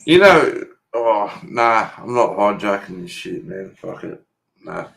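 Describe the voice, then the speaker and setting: A man's voice: on the low side, animated, slow, gravelly, a bit bright. An Australian man in loose, joking livestream chat who swears freely. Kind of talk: casual chat.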